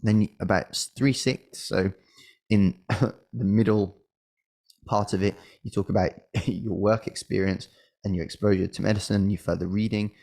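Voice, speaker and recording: Low gravelly man coaching. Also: fairly even intonation, moderate pace, a little mellow. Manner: conversational, hesitant with restarts and fillers. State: coughing, slightly unwell. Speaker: medical school admissions coach. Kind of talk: casual advice talk.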